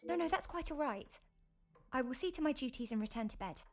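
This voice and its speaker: An actress playing an upset young maid in a mystery game, talking softly and politely. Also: female voice, sits high, expressive, a little fast. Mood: subdued. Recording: dull lo-fi game audio with music.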